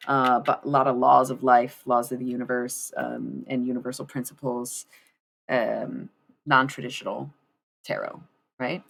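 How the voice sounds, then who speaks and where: A woman's voice: rumbling low, steady tone, unhurried, gravelly, fairly bright tone. A young woman streamer chatting casually to her viewers while laying out a tarot spread, rambling, laughing often and swearing freely. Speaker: streamer doing tarot readings. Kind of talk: casual live-stream chat.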